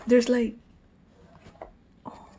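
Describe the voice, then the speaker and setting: A woman vlogging an unboxing, gushing with excitement and often dropping into breathy whispered exclamations. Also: fairly high pitch, very slow, a little hiss or hum. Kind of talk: unboxing video.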